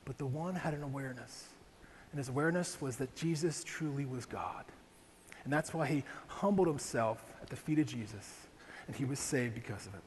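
Preaching man in a reverberant hall. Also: medium pitch. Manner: animated preaching, rhetorical questions, slows for scripture. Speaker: pastor. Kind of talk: sermon. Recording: hall reverb with faint ambient noise.

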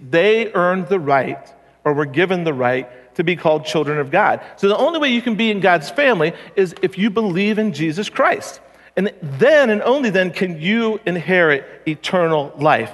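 High-voiced pastor in a reverberant hall. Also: male voice. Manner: conversational, joking, emphatic. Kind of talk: sermon. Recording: long reverb of a large hall.

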